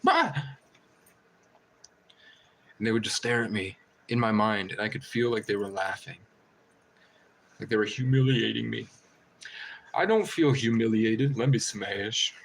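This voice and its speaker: A man's voice: on the low side, moderate pace, vocal fry, long pauses. Profane, rambling man telling stories. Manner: profane, laughing, rambling storytelling. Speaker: livestream host. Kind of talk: casual rambling livestream chat.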